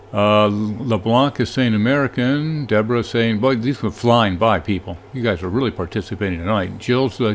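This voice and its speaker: A man's voice: mid-range voice, a little hiss or hum. Dry, teasing man reading out trivia. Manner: dry and teasing, reads out names quickly. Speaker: co-host reading viewer comments and trivia. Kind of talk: casual live-show banter.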